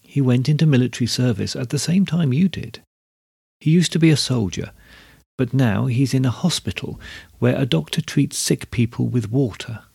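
A man voicing a feeble, gaunt old peasant man who speaks low and weakly, in a storybook reading. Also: normal speed, creaky, a little mellow, husky, dry recording, clean studio sound.

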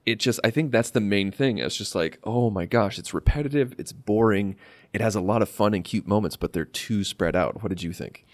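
A man's voice: lowish voice, brisk, dry recording. A man co-hosting a podcast in casual chat, rambling with fillers and restarts. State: slight cough. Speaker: podcast co-host.

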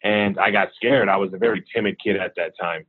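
Over a tinny, phone-like line, a male interview guest with a low-pitched voice tells a personal story a little quickly. He recounts hard memories candidly and steadily.

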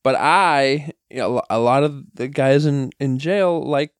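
A man's voice: mid-range voice, normal speed, clean tone, dry recording, studio quality. A man telling a story in casual podcast chat, rambling with many fillers and frequent laughs. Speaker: podcast guest, wrestler.

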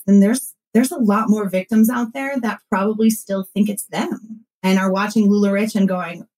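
A woman in her thirties who hosts a podcast, talking casually in an animated way and acting out what others said. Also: medium pitch, poor audio. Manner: animated storytelling, acts out quotes, frequent fillers. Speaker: podcast host and former consultant. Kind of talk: casual conversational interview.

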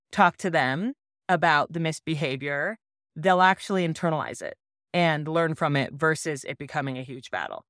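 A woman in her thirties hosting a parenting podcast, sharing a personal story in a gentle, earnest and reassuring way. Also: lowish voice, no room sound, studio quality.

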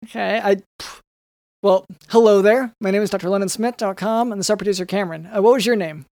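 A man's voice: high-pitched, fairly even intonation, fast, darkish tone, no room sound, studio quality. A man who is a doctor hosting a comedy podcast, reading medical notes with hesitant fillers between jokes.

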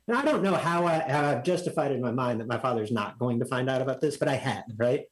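A man's voice: medium pitch, lively intonation, fairly quick, poor audio. A man from Texas, telling a rambling story as a guest in a casual chat, full of fillers and restarts.

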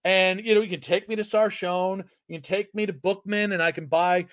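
A young man co-hosting a casual sports podcast, joking and animated. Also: sits high, a little fast, no echo, clean studio sound. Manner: joking, animated, puts on silly voices. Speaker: podcast co-host.

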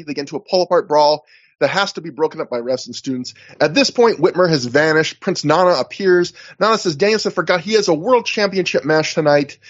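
A man talks through a recap in a loose, chatty way, full of fillers and asides. His voice sits a little high, and the recording sounds somewhat muffled and lo-fi. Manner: chatty, recounting in detail with many fillers. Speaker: podcast co-host. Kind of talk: casual recap chat.

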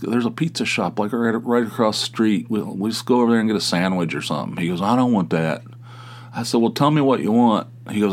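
A middle-aged man with a somewhat low voice hosts a podcast and tells a long personal anecdote. He talks casually and loosely, jumping sharply upward when he acts out what people said. His humor is wry and self-deprecating, with offhand swearing. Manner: animated, acts out quoted exchanges in a raised voice. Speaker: podcast host. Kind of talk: casual storytelling monologue.

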